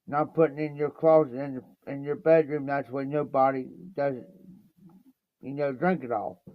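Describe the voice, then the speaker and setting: A man's voice: mid-range voice, level tone, moderate pace, dry recording. A man from Ohio telling a meandering story on a livestream, stacking up lots of "I said" and "he says". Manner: meandering, repeats "I said" and "he says" often. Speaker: livestream host. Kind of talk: rambling anecdote storytelling. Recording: dull lo-fi stream audio.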